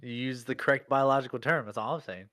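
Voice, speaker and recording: A laid-back young man hosts a casual chat with friends and teases them easily. His voice sits at an ordinary middle pitch. It sounds close and dry, with no room echo. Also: bright, forceful tone. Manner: laid-back, quick to laugh, teasing.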